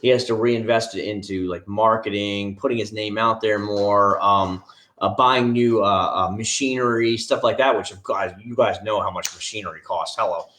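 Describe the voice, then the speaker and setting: A man's voice: on the low side, fairly even intonation, moderate pace, fairly bright tone, reverberant. A man hosting a casual live stream, rambling in a chatty way and talking straight to his viewers by name, with many restarts and asides. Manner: talks directly to viewers by name. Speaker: live-stream host answering viewer chat.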